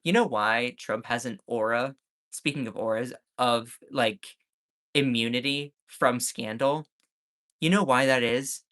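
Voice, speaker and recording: A sarcastic, mocking man rants through live-stream commentary. His voice is bright and sharp, and his pitch sits in a middle range. He talks to his chat in a loose, conversational way. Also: unhurried. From Southern United States.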